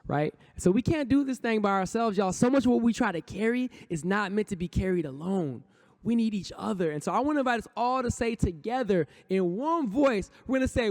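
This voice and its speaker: Speaking a little quickly and with animation, a high-voiced male poet-rapper addresses a conference audience from the stage. His motivational talk comes in rhythmic bursts as he guides listeners through call-and-response affirmations.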